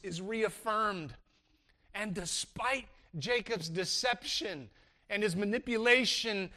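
Bright, high-voiced man preaching a sermon. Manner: emphatic preaching with frequent restarts. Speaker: pastor.

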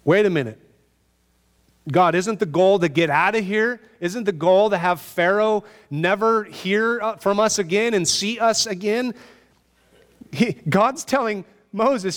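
A man preaching a sermon in an animated, conversational way, asking his listeners rhetorical questions. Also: high voice, slow, long pauses, in a large hall. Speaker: pastor.

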